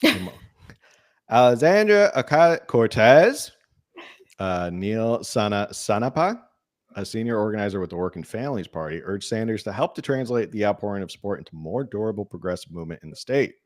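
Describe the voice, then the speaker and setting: Low-voiced male political talk show host. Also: fast talker, hardly any pauses, darkish tone, dry recording, clean studio sound. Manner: conversational, reads articles with asides and filler hums. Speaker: podcast host. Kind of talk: casual political talk show, reading news aloud.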